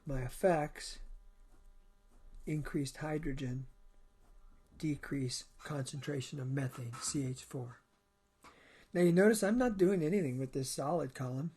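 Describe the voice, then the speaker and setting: Male chem instructor, recorded lecture, measured step-by-step delivery, husky. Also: fairly high pitch, mellow. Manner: measured, explains step by step in short phrases. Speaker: college chemistry instructor.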